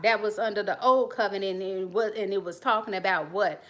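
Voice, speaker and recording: A woman's voice: medium pitch, a little fast, hardly any pauses, a bit bright. A woman hosting her channel, talking bluntly and animatedly to camera. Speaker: channel host. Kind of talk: casual talk to camera.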